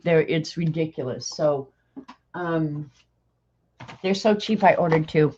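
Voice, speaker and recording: Older woman livestream host, unhurried low voice, dry sarcastic chat, dull lo-fi audio. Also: a little mellow, a little hiss or hum. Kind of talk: casual chat reading aloud to viewers.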